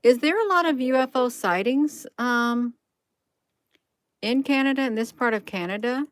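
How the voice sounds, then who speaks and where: A woman's voice: high voice, moderate pace, no room sound. A woman hosting a casual livestream, musing aloud, reading from the screen and answering chat. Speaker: livestream host.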